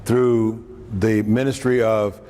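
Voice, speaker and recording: With a fairly low, warm, clear and resonant voice, a man speaks slowly in a level tone. He gives a lunchtime scripture talk in a conversational way, adding joking asides and performing quotes. The sound is echoey, with faint room noise and a distant microphone.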